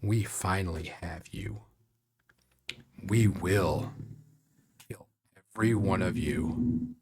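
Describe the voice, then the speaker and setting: Brief: grim masked leader, played by a male game master, low and hushed. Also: takes it slowly, vocal fry, heavy background noise, full character voice. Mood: menacing.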